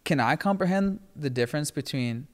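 A man hosting a podcast, talking in a loose, rambling way with many fillers and getting animated as he tells stories. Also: on the high side, brisk, long reverb tail. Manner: rambling, heavy filler words, animated when telling stories. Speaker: podcast host. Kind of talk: casual chat.

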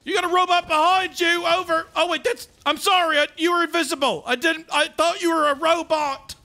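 A man putting on the voice of a frantic shouting army sergeant while playing a video game, barking radio-style orders. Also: extremely high pitch, fairly even intonation, fairly quick, voice pushed up, exaggerated voice. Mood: flustered. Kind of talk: in-character game commentary.

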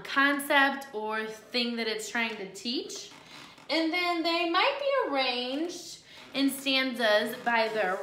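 A woman's voice: a little high, bright, forceful tone, slight background noise. A woman teaching a lesson to second-graders on video at home, in a cheerful, chatty and encouraging way. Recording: echoey room.

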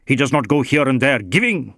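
A man's voice: mid-range voice, very animated, a little fast, fairly bright tone, no echo, studio quality. A man voicing a tall, scornful man who tries to bribe a police inspector, wheedling and contemptuous by turns.

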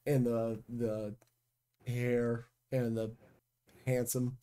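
Mellow-voiced guy hosting a podcast, jokey, swears a lot, gets excited. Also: mid-range voice, very slow. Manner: joking, excitable, swears freely. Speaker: podcast host. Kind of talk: casual chat.

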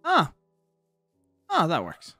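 A man's voice: a little high, huge pitch swings, slow pace, bright, forceful tone, no echo, soft background music. A young man livestreaming a game, chatting casually, swearing and thanking viewers for donations. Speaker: streamer. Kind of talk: casual livestream chat while gaming.

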